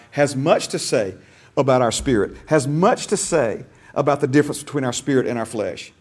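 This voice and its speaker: A man's voice: a little high, darkish tone. A man teaching a Bible class in a casual way, often repeating words and quizzing his listeners.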